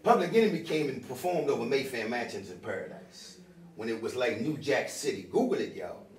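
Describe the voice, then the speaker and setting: An older man giving an impassioned, emotional speech to a crowd at a town hall, calling out to the audience and swinging between loud outbursts and low asides. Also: animated, fairly quick, a little hiss or hum. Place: bookstore meeting room. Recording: echoey room, voice from far off.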